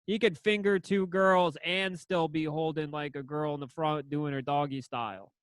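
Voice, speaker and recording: A man's voice: a little high, fairly even intonation, moderate pace, clean tone, no echo. A young man joking crudely in loose podcast banter with friends. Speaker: podcast co-host.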